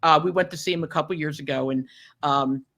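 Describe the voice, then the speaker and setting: An older woman hosting a podcast, telling chatty, animated stories and laughing often. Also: low-pitched, a little fast. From New Jersey. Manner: animated, chatty storyteller who laughs a lot. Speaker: podcast host. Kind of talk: casual chat.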